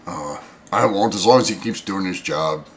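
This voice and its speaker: A man voicing a gruff middle-aged ship bosun who scolds his crew. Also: sits low, normal speed, a crowd in the background. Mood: dismissive.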